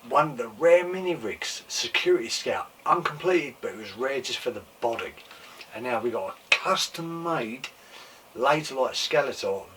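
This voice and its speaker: An excitable man hosting a casual toy collecting show, with a voice that is wearing thin and going slightly hoarse. He gushes and repeats his exclamations, swearing now and then. He sits a little back from the microphone, with faint room noise behind him. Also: medium pitch, normal speed, recorded from a distance. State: losing his voice. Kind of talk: casual show-and-tell chat.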